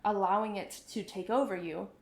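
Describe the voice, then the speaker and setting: A young woman hosting a solo podcast, talking in a chatty, earnest way and acting out nervous quotes in a higher voice. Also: normal speed, echoey room. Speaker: podcast host, oboist and performance coach.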